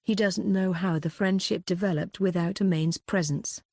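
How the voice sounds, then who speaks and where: A woman narrating a romance audiobook with even, steady reading on a close mic. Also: lowish voice, normal speed, no room sound.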